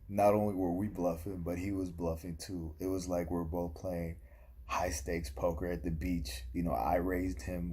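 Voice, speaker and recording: A young man telling a comic story in a casual vlog, with a dry, deadpan delivery. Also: sits low, slightly rough. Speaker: vlogger.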